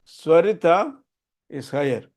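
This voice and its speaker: A man's voice: fairly high pitch, lively intonation, measured pace, a little mellow. An older man, teaching a group how to chant and repeating his key points earnestly. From Tamil Nadu, India. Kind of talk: explaining a lesson to a group.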